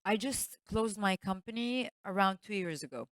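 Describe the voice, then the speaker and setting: A woman entrepreneur speaking on a panel, telling stories in a lively way and laughing often. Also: medium pitch, moderate pace, no room sound. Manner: storytelling, animated, laughs often. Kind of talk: panel talk.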